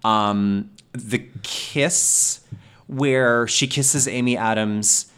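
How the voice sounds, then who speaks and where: A man co-hosting a casual film podcast, animated and profane, often slipping into mocking accent impressions. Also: mid-range voice, drawn-out words, clean tone. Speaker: podcast co-host.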